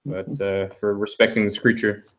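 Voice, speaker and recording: A man running a tabletop role-playing session as game master. He talks casually and loosely. His voice sits a little low. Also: flat delivery, moderate pace, fairly bright tone. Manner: casual, loose, with fillers and asides.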